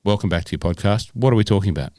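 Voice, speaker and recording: A man's voice: fairly low pitch, rapid-fire, warm tone, no room sound. A middle-aged Australian man co-hosting a podcast, chatting casually and rambling with many fillers. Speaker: podcast co-host. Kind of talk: casual chat.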